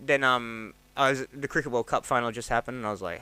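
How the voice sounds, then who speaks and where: A man's voice: fast, clear, resonant tone, no echo. An Australian man in his thirties, a stand-up comedian telling rambling stories on a podcast and acting out what people said. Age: 30s. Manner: rambling, animated, acts out quotes with jumps in pitch. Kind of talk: casual storytelling chat.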